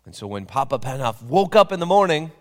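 Animated man preaching through a story. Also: mid-range voice, fast, big-room sound. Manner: animated, dramatic storyteller with questions and hushed asides. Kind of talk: storytelling sermon.

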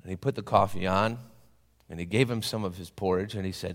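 A man preaching a sermon as a dramatic story, with lively questions and hushed asides, in a church with long reverb. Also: low-pitched, fairly quick.

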